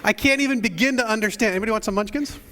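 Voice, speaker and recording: A man with a high voice speaks as a pastor opening a sermon. He jokes and chats directly with his congregation in a church sanctuary. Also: very fast, pushed and bright, big-room sound. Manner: joking, chatty, talks straight to the congregation. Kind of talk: playful sermon opening with audience interaction.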